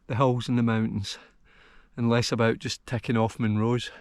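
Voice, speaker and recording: A middle-aged Scottish man talks to his camera outdoors high on a mountain ridge. He is worn out from hours of walking. His speech is rambling and heartfelt, full of restarts, and it sits at an ordinary middle pitch for a man. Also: flat delivery, moderate pace, clear, resonant tone, no room sound, studio quality. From Scotland. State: tired from a long walk. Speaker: hillwalking vlogger. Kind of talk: casual to-camera vlog.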